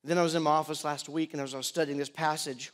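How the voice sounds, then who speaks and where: A middle-aged man preaching a sermon as pastor, moving between loud pleading and quiet, personal storytelling. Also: fairly high pitch, little pitch movement, fast.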